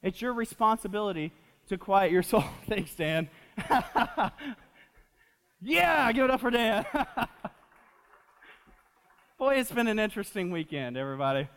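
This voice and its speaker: A young man in his twenties preaches with a high voice, animated and chatty, piling up fillers and joking with his congregation. His sermon rings out in the long reverb of a church hall. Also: a little slow, pauses often, smooth. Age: 20s. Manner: animated, repeats himself with fillers, jokes with the audience. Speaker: pastor.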